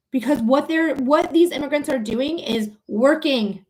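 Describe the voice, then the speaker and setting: Brief: woman livestream host, slightly high voice, casual, swears freely, talks straight to her viewers. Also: measured pace, hardly any pauses, darkish tone. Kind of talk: casual livestream chat and ranting.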